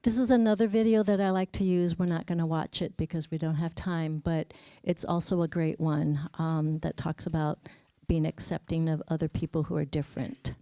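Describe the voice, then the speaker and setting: A woman speech-language pathologist giving a parent education class, narrating a video with lively exclamations. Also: sits low, normal speed, hardly any pauses, no echo, studio quality. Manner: animated, exclaiming while narrating a video for kids.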